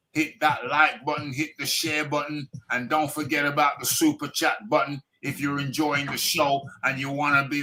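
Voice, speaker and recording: A man's voice: fairly high pitch, bright, forceful tone, slight background noise. A man hosting a live boxing talk show, insistent, repeating himself and talking over his guests. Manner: insistent, repeats phrases, talks over others; pushes viewer buttons like a presenter.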